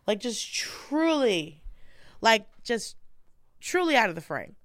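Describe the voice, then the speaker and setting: A woman's voice: a little high, takes it slowly, no room sound, clean studio sound. A woman comedian guest telling stories in casual, profane podcast chat. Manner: animated, profane storytelling.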